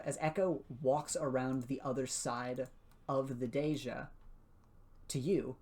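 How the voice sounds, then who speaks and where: A man's voice: medium pitch, darkish tone. A man running a tabletop superhero game as game master. He talks in a loose, chatty way, full of fillers and restarts, and laughs often.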